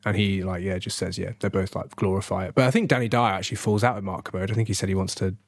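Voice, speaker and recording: A man's voice: low voice, steady tone, racing. A man co-hosting a casual film podcast, rambling and laughing often. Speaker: podcast co-host.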